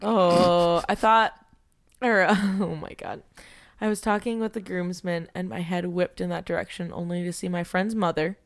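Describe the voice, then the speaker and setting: A woman's voice: on the low side, level tone, moderate pace. A young woman co-hosting a podcast, casually chatting and reading listener stories aloud, giggling and swearing freely. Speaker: podcast co-host.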